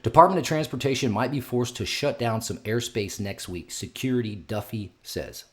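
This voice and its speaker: A man's voice: mid-range voice, moderate pace. A man giving casual, rambling reaction commentary on news clips, with frequent restarts and sighs.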